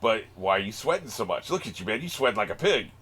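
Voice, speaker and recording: A man's voice: fairly low pitch, big pitch swings, fast talker, fairly bright tone, breathy edge. A man hosting an anime reaction video, cracking profane jokes and laughing often in casual commentary. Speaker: anime reaction channel host.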